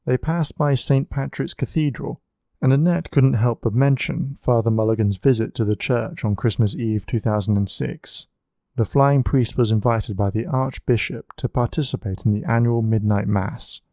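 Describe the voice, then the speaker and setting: A man reading a storybook aloud in a steady, even narration. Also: medium pitch, moderate pace, no room sound, clean studio sound. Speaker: audiobook narrator.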